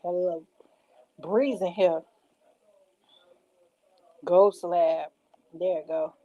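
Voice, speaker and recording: A woman's voice: on the low side, steady tone, slow pace, dull audio. A woman in casual vlog chat, reading out show titles and reacting with slangy asides. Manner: chatty, reads titles aloud, slangy asides. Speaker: vlogger reacting to show picks.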